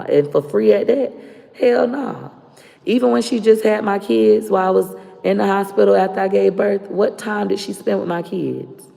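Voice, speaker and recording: A woman's voice: medium pitch, vocal fry, warm tone. A woman streamer talking to her viewers in a blunt, profane, fired-up way. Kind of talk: casual live-stream rant. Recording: roomy echo with long reverb.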